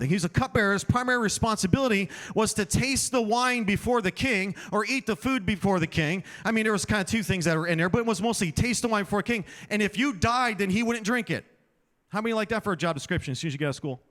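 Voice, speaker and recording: A man's voice: high voice, expressive, quick pace, a bit bright. A man giving a chapel sermon in a conversational, storytelling way, often putting questions to the audience. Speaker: chapel speaker.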